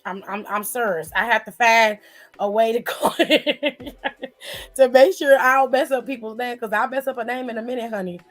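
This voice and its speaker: A woman's voice: on the high side, normal speed, fairly bright tone. A woman hosting a casual live stream, chatting and reading viewer comments in a playful, familiar way. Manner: chatty and playful, calls viewers honey and child.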